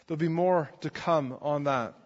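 Male preacher, conversational sermon, high voice, husky tone, echoing hall, dull lo-fi sound. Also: moderate pace. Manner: conversational, asks the congregation "right?" often. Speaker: pastor.

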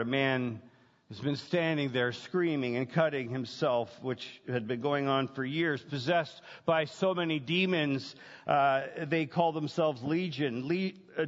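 Preacher guy, slightly high voice, leans on repeats and pauses, echoey big hall. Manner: emphatic, building with repetition and dramatic pauses. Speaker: pastor. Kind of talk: sermon. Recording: dull lo-fi sound with long hall reverb.

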